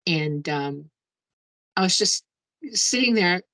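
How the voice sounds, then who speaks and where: A woman guest recounts her experience in casual, eager storytelling, her voice lowish and full of gravelly fry. She exclaims often and laughs through her account. The sound is close and dry, with no room around it. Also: animated, slow pace, bright, forceful tone, dry recording, poor audio. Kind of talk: casual first-person storytelling.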